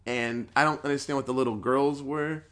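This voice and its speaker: A man's voice: medium pitch, steady tone, brisk, a bit bright. A man in a casual chat, recapping a horror movie in a rambling, profane way with lots of fillers.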